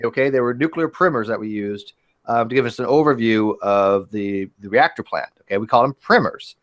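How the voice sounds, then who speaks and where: A man hosting a casual podcast chat, talking in animated bursts with frequent restarts and casual swearing. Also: lowish voice, brisk. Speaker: host.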